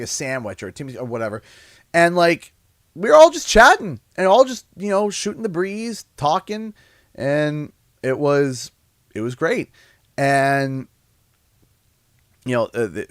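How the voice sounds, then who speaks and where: A Canadian streamer chats casually on a livestream, telling rambling stories in an animated way and laughing at his own jokes. His voice is medium in pitch, and the dry recording has studio quality.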